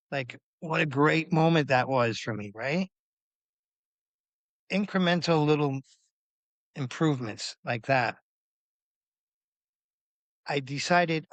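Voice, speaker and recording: Podcast guest, a man in his fifties with a fairly high voice, who tells his story animatedly and acts out the other people in it. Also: no room sound. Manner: animated, acts out quotes with big pitch jumps, swears freely. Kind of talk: candid storytelling interview.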